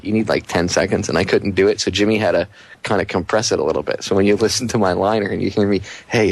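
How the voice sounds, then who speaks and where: A man guest-hosting a talk radio show, chatty and joking with his caller. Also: fairly low pitch. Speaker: guest host.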